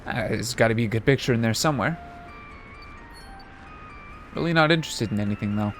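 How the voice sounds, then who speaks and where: A young man with a mild Canadian accent talks through a video game in a loose, rambling way, stopping and restarting his sentences. His voice sits in an ordinary middle pitch. Quiet game music plays faintly underneath. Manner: rambling, halting, self-correcting. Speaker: gaming video host. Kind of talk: casual let's-play commentary.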